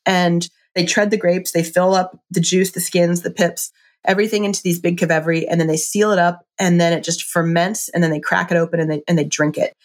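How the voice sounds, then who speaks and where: A woman's voice: lowish voice, flat delivery, a little fast. A woman chatting casually and enthusiastically as she reviews a wine book, often saying "like.". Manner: chatty and enthusiastic, with frequent "like" fillers.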